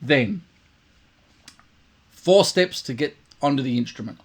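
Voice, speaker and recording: A man's voice: medium pitch, lively intonation, slow, slightly rough. A man teaching trumpet in a casual video lesson, repeating his points and voicing buzzing sounds to demonstrate. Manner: repetitive, demonstrative, vocalizing sounds.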